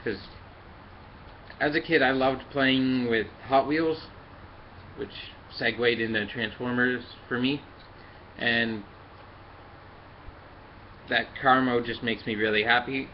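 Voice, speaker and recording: A man talks through a hands-on toy review in a mid-pitched voice, pausing often with fillers as he works the parts. The recording sounds a little dull and lo-fi, with a faint hiss underneath. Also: fairly even intonation. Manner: halting, many fillers, talks while handling the toy. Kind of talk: casual hands-on review and demonstration.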